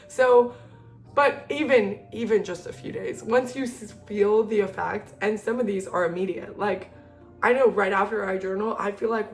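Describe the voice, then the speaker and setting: A woman's voice: mid-range voice, moderate pace, faint music behind. A young woman talking casually and earnestly to the camera about self-care, chatty and full of fillers. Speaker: self-help video creator.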